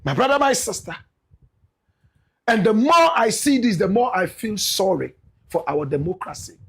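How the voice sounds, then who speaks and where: A Ghanaian man delivers heated political commentary in a high, husky voice. His pitch swings widely as he stresses points and sometimes breaks into shouts. He keeps calling on his listeners as brothers and sisters. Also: lively intonation, moderate pace. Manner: emphatic, repeats "my brother, my sister", bursts into shouts.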